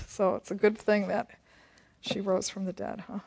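A woman's voice: mid-range voice, little pitch movement, normal speed, creaky, a little mellow, husky. A woman leading a Bible study, reading scripture aloud and chatting about it, laughing often.

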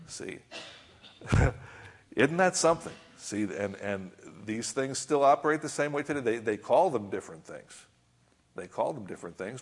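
A man's voice: mid-range voice, slightly rough. A man preaching a sermon in a conversational way. He reads scripture aloud, comments on it, and keeps asking his listeners rhetorical questions.

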